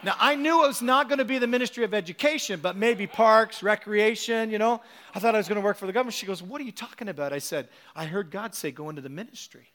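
A middle-aged man preaching a sermon, animated and telling a personal story with acted-out quotes. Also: high-pitched, quick pace.

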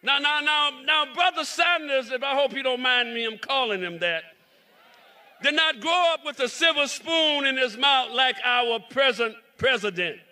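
A man's voice: very high voice, lively intonation, moderate pace. A man from South Carolina with a Southern drawl, a reverend and lawmaker giving a preacherly rally speech outdoors in the cold. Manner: preacherly, repeating himself, shouting. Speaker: reverend and state representative.

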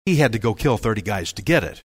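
A man preaching a Bible-teaching sermon as pastor, in a folksy, joking and animated way. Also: on the low side, quick pace, husky.

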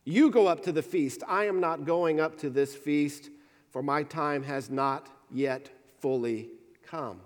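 A male preacher voicing Jesus as a calm teacher in a sermon, speaking in an earnest, measured cadence. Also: fairly high pitch, long reverb tail, pitched below the performer's own voice, lightly acted. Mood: solemn.

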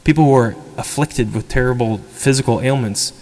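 A male priest giving a sermon in a casual, conversational tone. He acts out the people he quotes with animated energy, and his voice has a middle pitch. The church adds a long, lingering reverb to every phrase. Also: moderate pace.

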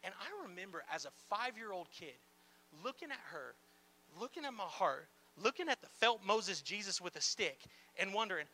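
In a large room, a pastor gives a church gathering an animated sermon at normal speed, his voice strikingly high with a sharp, bright edge. He keeps things conversational and loose, sprinkling in playful asides and plenty of "like" fillers.

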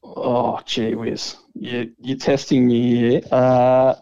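A man's voice: medium pitch, flat delivery, slow pace, dark tone, clear, resonant tone, no room sound, lo-fi sound. An Australian man in his twenties, laid-back and self-deprecating, stumbling a little over his words as he chats from his bed. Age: 20s. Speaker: podcast co-host. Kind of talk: casual chat.

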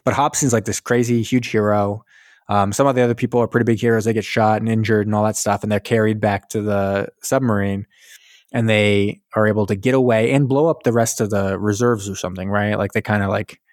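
Animated, swearing man recapping a film. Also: fairly low pitch, fairly quick, dry recording, studio quality. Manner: animated storytelling, acts out lines, swears and laughs. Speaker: podcast co-host. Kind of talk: casual chat recapping a film.

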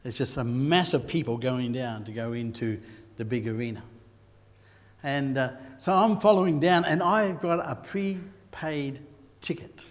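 An Australian man preaching a sermon, telling stories and rising to loud bursts. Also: medium pitch, unhurried. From Queensland, Australia. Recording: long hall reverb.

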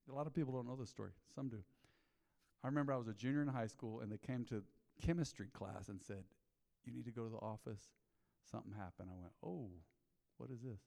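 A man's voice: fairly high pitch, clean tone. A middle-aged man preaching a sermon, telling folksy stories and peppering his talk with "man". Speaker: pastor. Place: church sanctuary. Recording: long reverb of a church hall.

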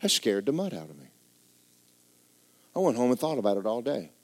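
Middle-aged male pastor, church sermon, folksy, joking, lively rising and falling pitch, loud pushes and soft asides. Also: fairly quick. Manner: animated, swings between loud exhortation and quiet asides.

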